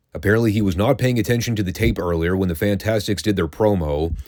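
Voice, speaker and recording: A man's voice: on the low side, mellow, no echo, clean studio sound. A man hosting a classic wrestling review show, recapping matches in a wry, sarcastic, casual tone and swearing freely.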